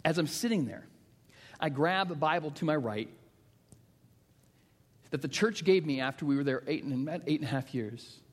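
A middle-aged male pastor preaching a sermon, telling stories that swing from hushed to emphatic. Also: a little high, expressive, normal speed, long pauses. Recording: long reverb of a large hall.

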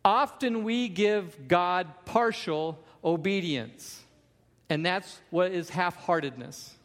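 A man's voice: high voice, slow pace, a bit bright, in a large hall. A man preaching a sermon as pastor, emphatic, with repeated refrains.

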